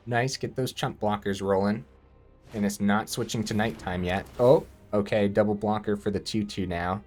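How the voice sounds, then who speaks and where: A man giving casual gameplay commentary, thinking aloud and breaking into excited outbursts. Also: fairly low pitch, normal speed, soft background music.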